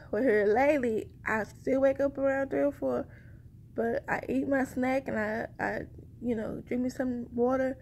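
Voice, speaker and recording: Woman vlogger, fairly high voice with vocal fry, chatty and rambling, slightly breathless. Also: fairly even intonation, a little slow, darkish tone, a little hiss or hum. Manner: chatty, rambling, addresses viewers directly. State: short of breath. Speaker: vlogger sharing a pregnancy update. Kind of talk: casual chat to camera.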